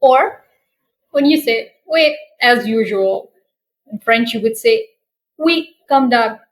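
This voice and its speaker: Woman, language teacher, slow deliberate delivery, repeats phrases for learners, a little high-pitched. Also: lively intonation, rough recording. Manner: careful, repeats each phrase slowly for learners. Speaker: French teacher.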